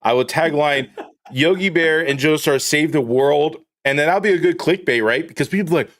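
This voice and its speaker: A man's voice: fairly high pitch, normal speed, fairly bright tone. A man live streaming, chatting casually in a rambling, profane, joking way.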